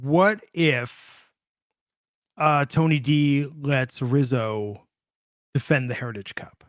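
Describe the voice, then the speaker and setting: A man's voice: medium pitch, slow pace, no room sound, clean studio sound. A man co-hosting a podcast in casual chat, upbeat and moving the conversation from one topic to the next. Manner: upbeat, steering the rundown. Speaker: podcast co-host.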